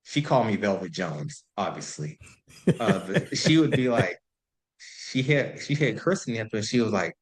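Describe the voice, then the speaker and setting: Low-voiced man telling a casual story. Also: expressive, moderate pace, low-quality recording. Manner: loose and profane, heavy use of "like". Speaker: podcast guest.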